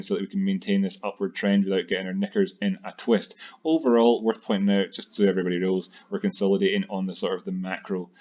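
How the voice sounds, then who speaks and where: A man hosting a channel, talking through crypto price charts quickly, with many fillers and restarts. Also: deep voice, darkish tone, highs cut off. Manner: fast-talking, with many fillers and self-corrections. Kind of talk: screen-share technical analysis commentary.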